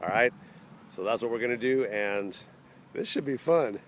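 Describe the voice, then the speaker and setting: A man's voice: medium pitch, expressive, normal speed, a little hiss or hum. A man filming himself on an outdoor hiking trail, out of breath from climbing, joking and coaching his partner along in casual running commentary. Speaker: vlogger filming a hike.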